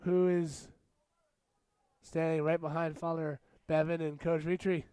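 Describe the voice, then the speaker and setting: A young man giving casual, jokey play-by-play commentary on a school rugby match, now and then shouting at big plays. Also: on the high side, flat delivery, measured pace, clean tone, dry recording.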